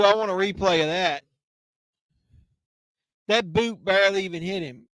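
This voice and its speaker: A man hosting a live wrestling watch-along, reacting casually with blunt, excitable remarks, heckling and the odd curse, and a voice he says is going. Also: sits high, dry recording. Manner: excitable, blunt and heckling, with quick asides and swearing. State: losing his voice.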